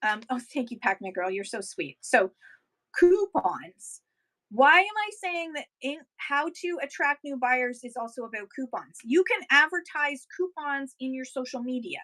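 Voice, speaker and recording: Bright, high-voiced upbeat woman livestreamer. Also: expressive, normal speed, low-quality recording. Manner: upbeat, encouraging, thanks viewers by name. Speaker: livestream seller coach. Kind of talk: casual livestream chat, reading viewer comments.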